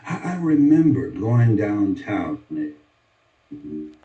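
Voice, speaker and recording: This motivational speaker, a Miami man in his 70s, tells his story dramatically with sweeping vocal shifts and big pitch swings. His voice is on the low side and his pace slow, with faint music in the background. The audio sounds distant, echoey and dull, with a lo-fi quality.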